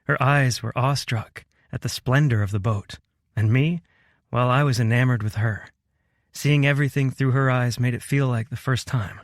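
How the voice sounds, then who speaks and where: A man reads a romance audiobook in the first person with an earnest, gentle delivery at a middle pitch. The recording is dry and close, made in a quiet booth. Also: normal speed, no room sound. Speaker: audiobook narrator. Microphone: close studio mic.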